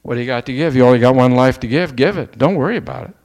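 A man's voice: mid-range voice, racing, few pauses, a little mellow. A man preaching a sermon as pastor to his church, talking in a conversational way, firing off rhetorical questions and mimicking doubters. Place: church sanctuary. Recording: echoey church hall, long reverb.

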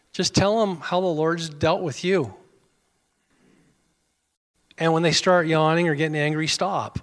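A man's voice: fairly high pitch, fairly bright tone. A man preaching a sermon as pastor, folksy and conversational with self-deprecating humor. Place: church sanctuary. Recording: long hall reverb.

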